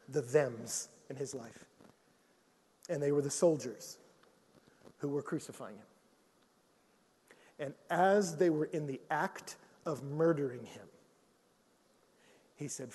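A man preaching a sermon in a church, telling lively stories with jokes and acted-out quotes. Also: fairly high pitch, breathy edge, big-room sound.

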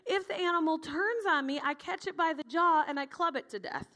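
A woman's voice: extremely high pitch, fairly quick, pushed and bright, big-room sound, pitched above the performer's own voice. A woman voicing a cheerfully fearless young shepherd boy who boasts in an eager, matter-of-fact way. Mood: boastful.

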